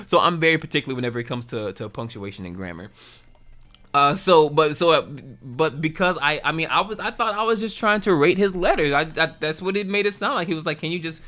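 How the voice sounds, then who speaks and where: A man's voice: medium pitch, bright, forceful tone. A man telling a story in a casual vlog, swearing freely, with lots of stumbles and restarts. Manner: profane, rambling, lots of restarts. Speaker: YouTuber.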